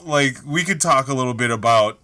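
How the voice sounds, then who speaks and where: A man co-hosting a podcast, talking in casual, profane, animated rants about movie audiences. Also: medium pitch, a little fast. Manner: profane, animated ranting with shouted impressions. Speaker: podcast co-host. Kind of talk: casual chat.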